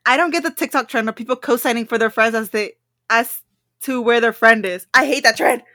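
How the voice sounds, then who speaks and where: Brief: relaxed teasing woman co-host, high voice, dry close sound. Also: brisk, no echo. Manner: laid-back, teasing, laughs along. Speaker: podcast co-host. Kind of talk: casual chat.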